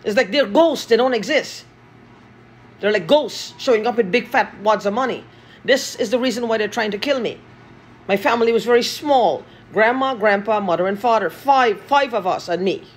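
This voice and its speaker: A woman's voice: fairly high pitch, normal speed, breathy edge. A woman from Guyana, talking in an angry, profane monologue and repeating herself.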